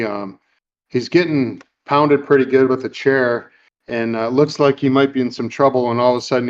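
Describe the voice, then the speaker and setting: A man hosting a podcast, retelling a film scene in casual chat, rambling with plenty of fillers. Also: mid-range voice. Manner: rambling, with many fillers and acted-out quotes. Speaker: podcast host. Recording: dull lo-fi recording.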